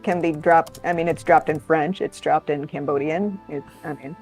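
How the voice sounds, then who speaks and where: A woman's voice: sits low, fairly even intonation, moderate pace, a little mellow, soft background music. A woman chatting playfully and rambling at a tabletop game. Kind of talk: casual chat at the gaming table.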